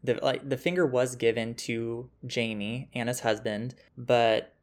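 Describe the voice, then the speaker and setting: A man's voice: medium pitch, steady tone, measured pace, a little mellow. A man hosting a true crime podcast, telling the story in a casual, conversational way, thinking aloud with asides and restarts. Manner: reads quotes from news articles.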